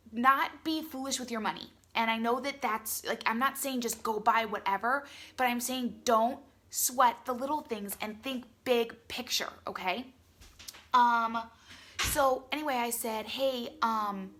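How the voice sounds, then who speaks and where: Bright, chatty young woman. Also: a little high. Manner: chatty and effusive, says "like" and "you guys" a lot. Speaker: beauty product distributor. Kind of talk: casual live video talk to her team.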